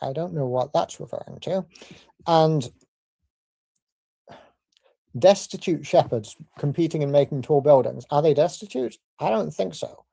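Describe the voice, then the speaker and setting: A man with a gravelly, mellow voice works through a formal debate rebuttal point by point. He argues in a measured, deliberate way. The sound is close and dry, with no room around it. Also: fairly high pitch, lively intonation, dry recording. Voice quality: measured, argumentative delivery.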